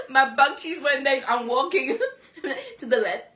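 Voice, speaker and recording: A high, lively woman with a Spanish accent, chatting in a giggly, bawdy way and slipping between Spanish and English. Her voice is bright and sharp, and it rings in an echoey room. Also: slow. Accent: Spanish-speaking. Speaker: co-host. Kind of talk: casual chat.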